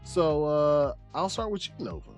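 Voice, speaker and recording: A man's voice: a little high, expressive, normal speed, soft background music. A man co-hosting a casual gaming podcast, reading news aloud and swearing freely. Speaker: podcast co-host.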